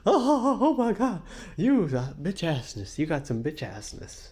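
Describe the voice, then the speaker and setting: A man squealing as a shrill, taunting mob. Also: wildly swooping pitch, normal speed, darkish tone.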